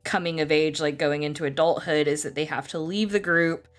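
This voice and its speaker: A woman's voice: sits low, steady tone, fairly quick, faint music behind. A woman with a Southern US accent chatting as a player, hesitant and full of fillers. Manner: hesitant, filler-heavy, giggly. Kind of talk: casual chat about a tabletop game.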